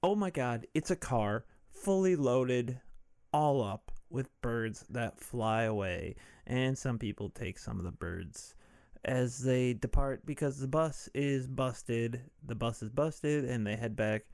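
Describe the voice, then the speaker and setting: A man hosting a podcast, retelling a movie in an animated, joking way with some swearing. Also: medium pitch, takes it slowly, no echo, clean studio sound. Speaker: podcast host. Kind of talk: casual movie recap. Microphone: podcast mic.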